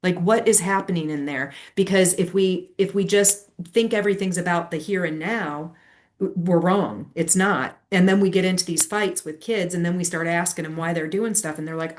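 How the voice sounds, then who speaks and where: A woman in her forties, a former educator, explaining ideas in a lively conversational interview. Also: lowish voice. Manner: animated storytelling with quick asides. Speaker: guest, leadership strategist and former educator.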